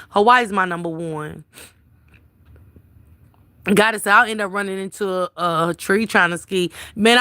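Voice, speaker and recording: Bright, chatty woman reading viewer comments. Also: lowish voice, no room sound. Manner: chatty, reads comments aloud and answers viewers by name. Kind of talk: casual livestream chat.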